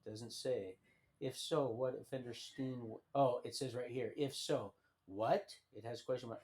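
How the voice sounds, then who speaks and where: A man's voice: medium pitch, fairly even intonation, measured pace, a little mellow. A man telling his own life story on a livestream in a casual, rambling way, often restarting sentences and reading a document aloud.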